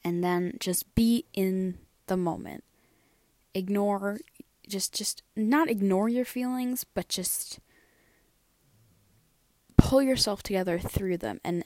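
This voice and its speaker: A woman's voice: mid-range voice, a little mellow, no echo. A tired young woman hosting a casual personal podcast, chatty and rambling with lots of fillers and restarts. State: tired, yawning. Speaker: podcast host.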